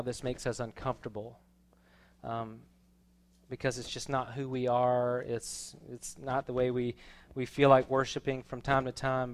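Preaching man, smooth clear voice. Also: medium pitch. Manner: swings from soft asides to loud proclaiming scripture reading. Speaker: pastor. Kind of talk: sermon. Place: church.

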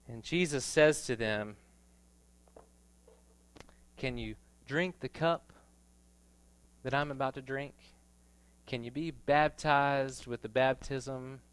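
A man preaching in a relaxed, storytelling manner, his voice smooth and resonant. The sound is close and dry, with no room echo. He can swell into loud, emphatic stretches. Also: mid-range voice. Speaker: pastor. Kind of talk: sermon.

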